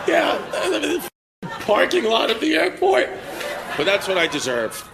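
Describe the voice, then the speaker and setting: At a live show, a male comedian does brash, profane crowd work, teasing people in the audience. His voice is high-pitched and sing-song at normal speed, captured on a live room mic over loud laughter and crowd noise.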